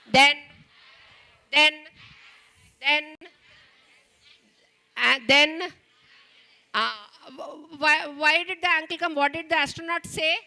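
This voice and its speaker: A woman's voice: sits high, pushed and bright. A woman with an Indian English accent training teachers, telling a story and stressing each sound emphatically, often checking in with "okay?". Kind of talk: storytelling workshop demonstration. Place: school training hall.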